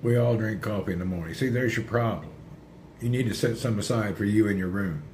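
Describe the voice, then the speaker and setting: A man chatting casually on a livestream, rambling and answering his viewers' comments out loud. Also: on the low side, a little fast, a little hiss or hum.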